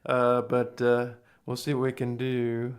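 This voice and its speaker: A man's voice: medium pitch, completely flat delivery, measured pace. A man, hosting a live stream and chatting casually with viewers in a rambling, folksy way with chuckling asides. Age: 40s.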